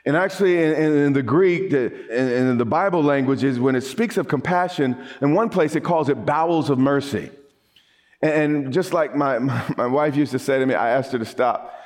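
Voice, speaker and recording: A middle-aged man preaching a sermon, animated, with repeated phrases and quick restarts. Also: medium pitch. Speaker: pastor.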